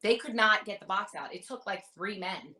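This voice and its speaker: A woman in her thirties, a reality show contestant, telling stories in a casual interview with animated, rambling detail. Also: mid-range voice, normal speed, rough recording. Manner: animated, rambling anecdotes with many fillers.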